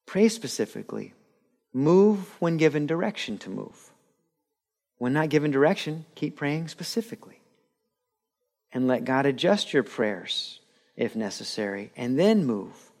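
Animated male pastor preaching. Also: medium pitch, a little slow. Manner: animated preaching, laughing with the audience, acting out quotes. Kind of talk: sermon. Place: church.

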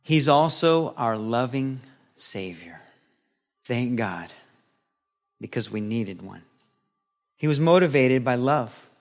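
Animated middle-aged male preacher. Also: mid-range voice, slow pace, pauses often. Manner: animated, playful preaching that acts out little scenes. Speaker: pastor. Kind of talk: sermon.

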